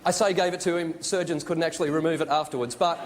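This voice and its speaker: A man's voice: a little high, steady tone, fast. An Australian man hosting an awards ceremony, telling jokes in a dry, wry stand-up monologue in a large theatre. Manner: dry, wry joke delivery. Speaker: awards show host. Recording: live stage with crowd and noise.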